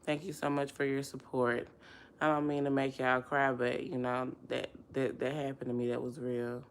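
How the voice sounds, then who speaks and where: A woman's voice: very deep voice, little pitch movement, moderate pace, a little hiss or hum. A woman from Alabama with a Southern accent, chatting casually and expressively to her livestream viewers. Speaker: livestream host. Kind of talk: casual livestream chat, reading comments aloud.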